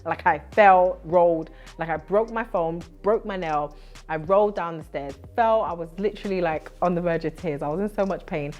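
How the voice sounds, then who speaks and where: A young woman from Britain, a TV host, telling her story to camera in a lively, chatty way with lots of laughs. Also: lowish voice, moderate pace, highs cut off, faint music behind. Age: young adult. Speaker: vlogger and TV host.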